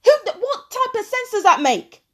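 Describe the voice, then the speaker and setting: A woman delivers a furious, foul-mouthed rant, pausing a recording to argue back at it. Her voice sits high, and she hammers the same questions over and over. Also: sing-song. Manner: furious, profane ranting with repeated questions. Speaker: vlogger. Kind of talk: angry commentary over a played recording.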